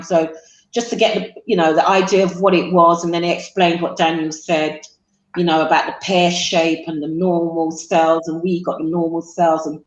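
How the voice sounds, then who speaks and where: A woman speaks as an interview guest, halting and full of fillers and restarts. Her voice sits in a roomy space and sounds slightly dull. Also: on the low side. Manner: halting, tearful, with self-deprecating jokes. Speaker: guest, mother. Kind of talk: emotional interview.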